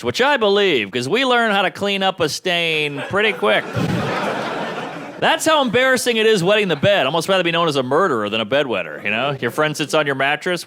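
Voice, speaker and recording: A man in his thirties performing a stand-up comedy set on a club stage, with a punchy delivery and quick switches into quoted voices. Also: fairly high pitch, bright, forceful tone. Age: 30s.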